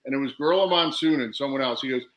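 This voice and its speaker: A man's voice: mid-range voice, racing, fairly bright tone, low-quality recording. A man guesting on a podcast, telling wrestling stories, laughing and acting out what people said. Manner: laughs through stories, acts out quotes. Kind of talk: animated storytelling.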